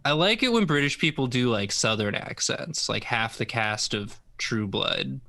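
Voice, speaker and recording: A man's voice: medium pitch, animated, moderate pace, creaky, bright, forceful tone. A man co-hosting a casual drawing stream, chatting and joking, often restarting his sentences. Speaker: co-host.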